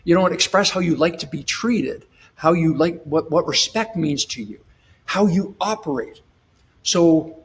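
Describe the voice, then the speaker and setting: A man with a fairly high speaking voice explains his coaching ideas in a podcast interview. He restarts sentences often and slips into acted-out little scenes. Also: a bit bright. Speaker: relationship coach.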